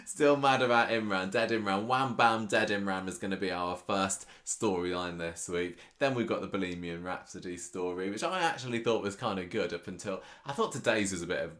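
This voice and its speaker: Playful male podcast co-host, low register, punning and bantering. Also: a little fast, few pauses, fairly bright tone. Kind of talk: casual chat.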